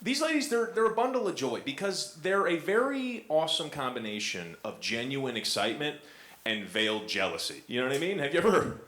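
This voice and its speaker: A man's voice: a little high, very animated, a little fast, a bit bright. Rambling young man on a comedy stage. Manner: rambling, self-mocking, lots of fillers. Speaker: stand-up comedian. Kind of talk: stand-up comedy set. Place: comedy club stage with audience. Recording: echoey club, audience noise.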